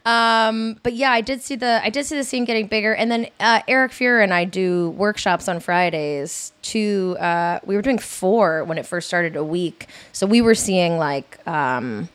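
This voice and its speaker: A woman comedian from Connecticut chatting casually on a podcast, animated, laughing often and using many fillers. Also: mid-range voice, moderate pace, few pauses. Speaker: comedian guest.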